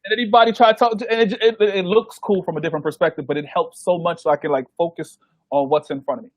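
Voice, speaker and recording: A man with a slightly high voice for a male speaker, appearing as a DJ guest in a relaxed interview, talks fast as he recounts his DJ career, acting out quoted voices and laughing frequently. He's very animated. The sound is close and dry with no room in it, and the high frequencies are cut off.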